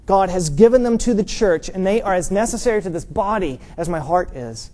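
A pastor preaching an earnest, emphatic sermon in church, lifting his voice to stress key points and dropping low for a story. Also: animated, a little fast, a little mellow.

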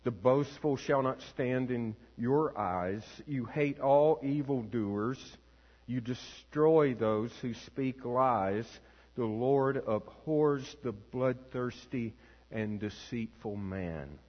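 A man, a pastor, reading scripture aloud and leading prayer in a slow, measured, solemn way. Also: medium pitch. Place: church sanctuary. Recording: long reverb, dull lo-fi sound.

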